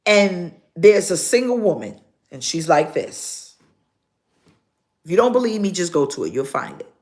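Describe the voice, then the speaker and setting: An older woman pastor preaching a live sermon, pausing dramatically and acting out her stories. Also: fairly low pitch, big pitch swings, a little mellow. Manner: slow, preaching with dramatic pauses and acted-out stories.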